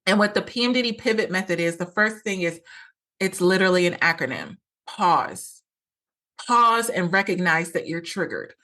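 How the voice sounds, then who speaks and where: A woman's voice: on the low side, animated, moderate pace, pushed and bright. A woman hosting a solo podcast, talking earnestly as a coach and acting out quoted lines with a lot of repetition.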